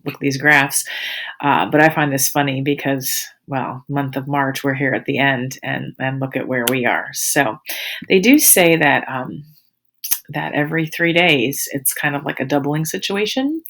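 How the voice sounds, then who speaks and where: A woman's voice: rumbling low, moderate pace, fairly bright tone. A woman in her forties, a teacher, telling her students a rambling, amused story in a casual, chatty way.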